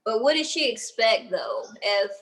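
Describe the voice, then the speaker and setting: A woman's voice: a little high, expressive, unhurried, low-quality recording. A woman, co-hosting a casual review show and giving her opinions in a gossipy, chatty way. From Louisiana. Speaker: co-host.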